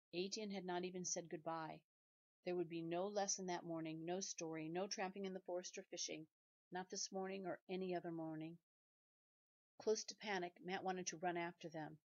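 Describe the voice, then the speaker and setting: Woman, teacher reading a children's novel aloud, steady, measured, lowish voice, dull lo-fi recording. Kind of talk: audiobook narration for children.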